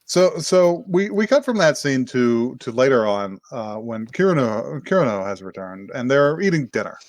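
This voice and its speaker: A man's voice: medium pitch, very animated, normal speed, no room sound. A man co-hosting a podcast, casually recapping an anime episode and acting out the characters' lines with laughs and swearing. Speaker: podcast co-host.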